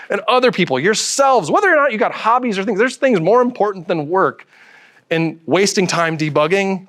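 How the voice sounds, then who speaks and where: A man with a fairly high voice delivers a live conference presentation. He is middle-aged and keeps it light, cracking jokes and putting questions to the room. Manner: lively, joking, quizzes the audience. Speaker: conference speaker.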